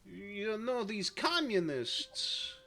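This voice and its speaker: A man puts on a sly leader with a hammy mock French accent, drawn out and exaggerated. The voice rises high and swoops widely in pitch. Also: sing-song, drawn-out words, gravelly, sharp tone, exaggerated voice.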